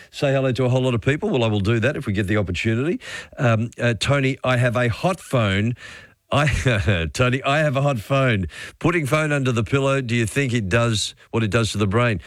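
A man with an Australian accent hosting overnight talkback radio, chatty and relaxed as he reads out listener texts. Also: medium pitch, no echo, clean studio sound. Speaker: radio host.

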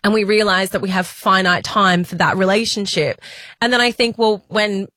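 A woman's voice: mid-range voice, normal speed, no room sound. A woman around forty talking reflectively and emotionally in a casual podcast chat, close to tears at times. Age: 40s. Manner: warm-hearted, tearful, reflective.

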